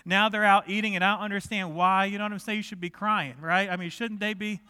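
A man's voice: high voice, fairly even intonation, quick pace, sharp tone, clear, resonant tone. A middle-aged man preaching a sermon as pastor, talking in a conversational way and joking with the congregation. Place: large church sanctuary. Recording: long hall reverb.

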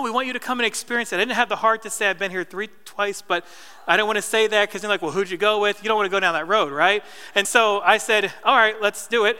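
Male preacher, thirties, from New Jersey; chatty sermon, crisp and resonant, live church hall reverb. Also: sits high, bright, forceful tone. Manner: conversational storytelling with asides to the congregation. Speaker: pastor.

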